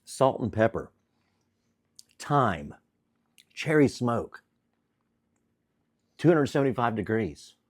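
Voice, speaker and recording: A man hosting a barbecue cooking vlog outdoors in the snow, relaxed and enthusiastic, chuckling often and feeling the cold. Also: mid-range voice, slow, long pauses, dry recording, clean studio sound. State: cold from the weather. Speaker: barbecue cooking channel host.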